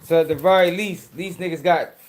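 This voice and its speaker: A man with a Baltimore accent runs a loose live-stream commentary, swearing freely and arguing back at comments from his chat. His voice sits fairly high for a man. He is recorded in an echoey room with faint noise behind him. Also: brisk. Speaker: commentary show host.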